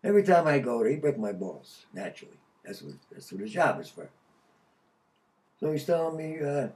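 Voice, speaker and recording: An older man from Connecticut telling a story casually, profane and animated, laughing mid-sentence. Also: medium pitch, a little fast, far from the mic. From Connecticut, USA. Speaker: podcast guest.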